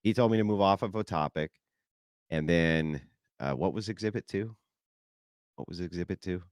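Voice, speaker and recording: A man's voice: low-pitched, moderate pace, no room sound, studio quality. A man hosting a stream, giving sarcastic, profane, mocking commentary. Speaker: streamer host.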